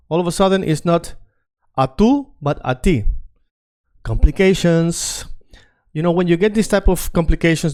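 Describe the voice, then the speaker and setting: A man's voice: on the high side, warm tone. A man teaching a casual online lesson, chatty and prone to repeating himself while he works on screen. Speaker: Spanish teacher.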